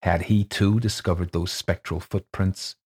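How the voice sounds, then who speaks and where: A man narrating a ghost story as an audiobook, steady and measured in his telling. His voice sits low, with a husky edge to it.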